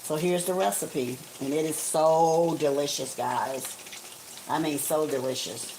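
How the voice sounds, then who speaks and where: With a deep voice, fairly even intonation, and a measured pace, a woman guides viewers through a recipe during a casual live cooking stream from her kitchen. She's chatty and homey, calling them "honey" and "guys," while faint kitchen noise and frying sizzle sit in the background.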